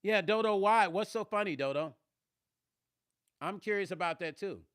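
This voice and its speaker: A man's voice: high voice, normal speed, a bit bright, clear, resonant tone, dry recording, clean studio sound. A man who is a musician, chatting on a live stream, answering viewers' comments in a blunt, emphatic way. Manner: emphatic, blunt, swears when riled. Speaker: musician and vlogger.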